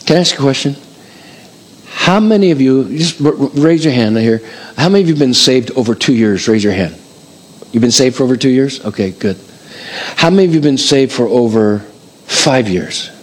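A male pastor giving a conversational, emphatic sermon in a church, polling the congregation with quick repeated phrases like an auctioneer. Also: mid-range voice, expressive, poor audio. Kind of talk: expository sermon. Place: church sanctuary before a congregation.

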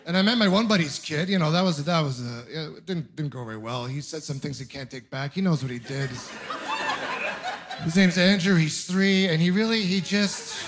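A young man from Ontario doing a stand-up comedy set in a club, telling self-deprecating, exasperated stories with quick asides. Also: a little high. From Canada (Ontario). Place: comedy club stage with audience laughter.

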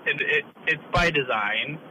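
A man calling into a sports radio show, rambling with laughs and halting starts. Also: a little high, sharp tone, slight background noise, poor audio. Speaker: caller. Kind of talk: casual call-in chat.

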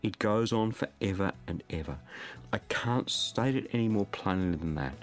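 A man's voice: on the low side, moderate pace. A man preaching a sermon in an earnest, emphatic and pleading way.

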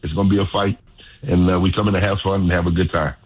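Deep-voiced older man on a phone line. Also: fast, slightly rough. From Louisiana. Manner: animated storyteller, repeats phrases. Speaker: former pro football player, guest. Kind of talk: storytelling interview.

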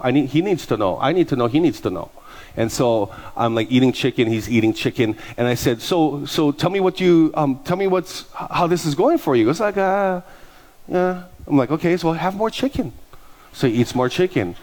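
Male pastor, lively storyteller, slightly higher voice, plays every part in his anecdotes. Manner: animated, acts out both sides of conversations. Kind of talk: storytelling sermon.

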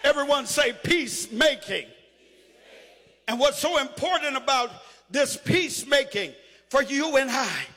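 A man's voice: extremely high pitch, big-room sound. A man preaching a sermon, calling on the congregation to answer back and stretching out words for emphasis. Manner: call-and-response preaching, shouting and drawling phrases.

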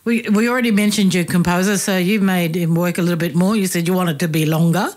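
A woman's voice: fairly low pitch, steady tone, fast, a little mellow. A woman hosting a radio interview, asking long winding questions. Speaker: radio host.

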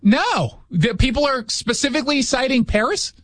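In a dry recording, a middle-aged radio host speaks with an extremely high, animated, fairly bright voice at a moderate pace. Offering casual political commentary from the studio, he jokes sarcastically and keeps cutting himself off.

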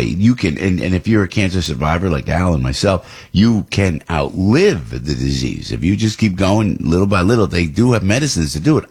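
Low husky-voiced talk radio man. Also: a little mellow. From New Jersey. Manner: rambling, with many restarts and repeats. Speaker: radio talk show host. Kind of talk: opinionated talk radio commentary.

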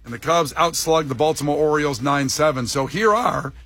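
A man's voice: a little high, fairly quick, a bit bright, soft background music. Chatty male morning radio host. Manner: chatty, laughs easily, mimics voices. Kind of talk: casual morning radio banter. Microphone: studio microphone.

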